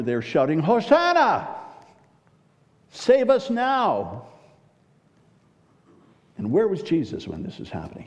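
Mellow-voiced man preaching in a hall. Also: mid-range voice. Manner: asks listeners rhetorical questions. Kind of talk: Bible teaching sermon. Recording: dull recording with long hall reverb.

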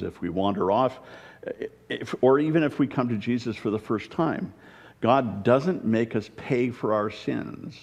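A man's voice: lowish voice, vocal fry, darkish tone, big-room sound. A man preaching a sermon, reading scripture aloud and then explaining it plainly, with occasional fillers.

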